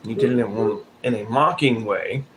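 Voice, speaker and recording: A man's voice: on the low side, normal speed. A man giving blunt, profane commentary in a casual vlog, calling people out directly. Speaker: vlogger. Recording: noticeable background noise.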